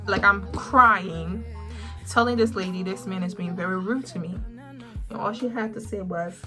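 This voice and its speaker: A young woman vlogs a storytime straight to camera in a mid-range voice. She stresses and stretches her words for emphasis, keeping the telling lively and personal. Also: mid-range voice, over music. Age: young adult. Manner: animated, emphatic, drawn-out words. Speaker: vlogger. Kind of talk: storytime vlog.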